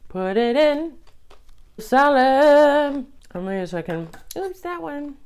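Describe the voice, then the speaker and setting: A woman's voice: fairly high pitch, very animated, moderate pace, a little mellow. A woman making a salad on camera, gushing over the food, exclaiming and humming her approval as she works. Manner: murmurs and hums of approval. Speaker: cooking vlogger. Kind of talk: casual cooking demonstration.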